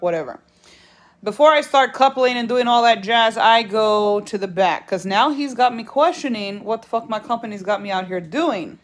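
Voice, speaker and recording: Profane, ranting woman truck driver. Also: medium pitch. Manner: profane, blunt, animated ranting. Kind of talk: casual storytelling vlog.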